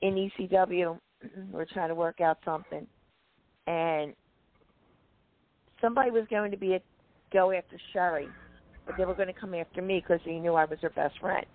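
A woman's voice: on the low side, moderate pace, long pauses. Chatty woman on a tinny phone line. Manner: chatty, clears her throat often. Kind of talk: casual storytelling chat. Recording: dry tinny call-quality sound.

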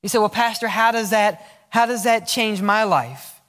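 A man's voice: sits high, normal speed, a bit bright. A male pastor preaching a sermon. He asks the congregation questions, answers them himself, and acts out short prayers and replies. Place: church sanctuary. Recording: echoey church sanctuary with long reverb.

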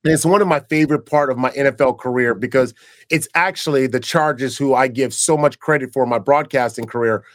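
A man's voice: medium pitch, a little fast, no echo, clean studio sound. A man, a former pro football player turned broadcaster, tells stories in a casual interview and acts out the dialogue he quotes. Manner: animated storyteller who acts out quoted dialogue, with frequent restarts.

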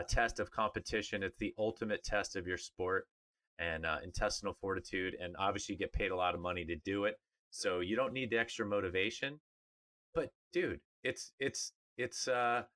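A middle-aged man, a former pro player, co-hosting a sports podcast in casual, emphatic chat. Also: on the low side. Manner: animated, emphatic, mimics others in funny voices.

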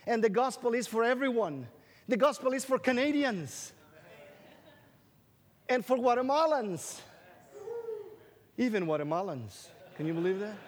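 A man preaching a sermon to an audience, drawing out scripture phrases for emphasis and tossing in questions and jokes. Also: high voice. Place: large hall with an audience. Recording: long reverb of a large hall.

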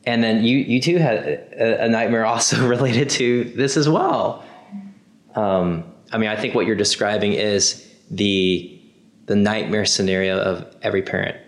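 Gravelly male host in an echoey room. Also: lowish voice, unhurried. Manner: conversational, sympathetic questions. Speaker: interview host. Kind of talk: casual interview. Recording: roomy echo.

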